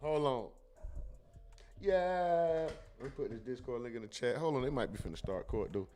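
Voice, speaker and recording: A man's voice: mid-range voice, lively intonation, normal speed, mellow. Slangy man hosting a livestream. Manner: slangy, reads chat comments aloud. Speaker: livestream host. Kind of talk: casual livestream chat.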